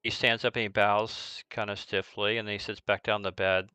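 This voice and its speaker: A man narrating a tabletop game as game master, in a halting, unhurried way. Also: lowish voice, flat delivery, bright, forceful tone, clean tone, no room sound, poor audio. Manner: halting, narrates in third person.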